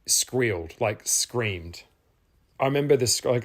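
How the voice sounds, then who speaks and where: A middle-aged man, telling a personal story in a casual vlog, animated, with some swearing. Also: medium pitch, measured pace. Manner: animated, swears, acts out his own past shouts. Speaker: spiritual vlogger.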